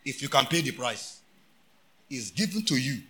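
A man with a Nigerian accent preaching a sermon, telling stories and shouting out his points. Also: mid-range voice, sing-song, moderate pace. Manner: preaching with shouted emphasis and storytelling, Pidgin phrases.

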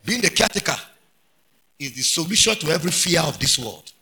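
A man with a Nigerian accent preaching a sermon, telling stories and shouting out his points. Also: fairly high pitch, sing-song, fairly quick, slight background noise. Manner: preaching with shouted emphasis and storytelling, Pidgin phrases.

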